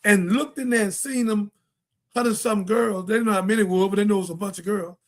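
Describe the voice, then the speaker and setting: Man, high voice, preachy, emphatic, rambling, talk show host. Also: steady tone, fairly quick. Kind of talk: impassioned political monologue.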